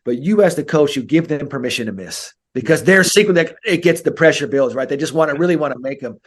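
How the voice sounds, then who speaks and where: A man, a mental skills coach, talking in a podcast interview and acting out coach and player dialogue. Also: fast. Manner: animated, acts out coach and player dialogue with big pitch jumps.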